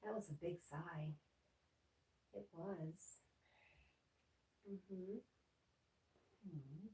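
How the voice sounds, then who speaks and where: A woman hosting a casual livestream, reading viewer comments aloud and talking softly to her dog. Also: on the low side, very slow, echoey room, poor audio. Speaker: livestream host reading chat.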